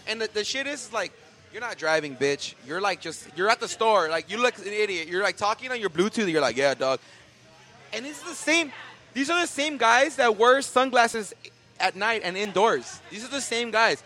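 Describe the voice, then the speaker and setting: Animated, bright-voiced man ranting. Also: sits high, normal speed. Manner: profane, animated ranting with frequent fillers. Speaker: podcast co-host. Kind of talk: casual comedic rant.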